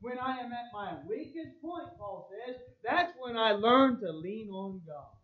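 A man's voice: very high-pitched, animated, measured pace. A male pastor preaching a sermon, reading scripture in old-style wording with emphatic, swelling stress. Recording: dull lo-fi recording.

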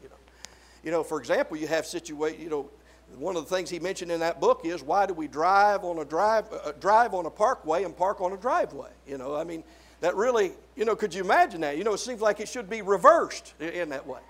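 Male preacher, high voice, swells to loud emphatic peaks and drops low, stretches key words. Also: animated. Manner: drawn-out stresses on single words. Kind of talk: sermon.

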